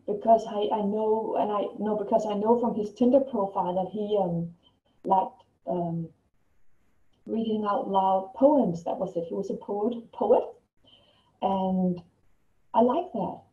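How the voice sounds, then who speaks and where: This is a woman with a medium-pitched voice and a measured pace, telling a casual personal story to camera as a vlogger. She rambles, restarting often and repeating words. The audio is lo-fi, dull, and distant, with an echoey, roomy feel.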